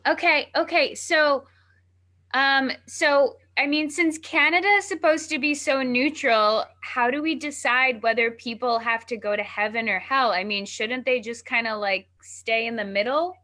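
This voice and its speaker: A woman's voice: high voice, measured pace, pushed and bright. A woman playing a curious young angel student in an improv scene, hesitant and full of fillers. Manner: hesitant, filler-heavy questioning.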